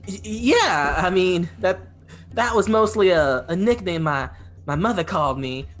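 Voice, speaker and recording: A man's voice: high-pitched, expressive, a little slow, a bit bright, faint music behind. A man voicing a naive young half-elf barbarian druid, stammering and earnest in a put-on American Southern accent. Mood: hesitant.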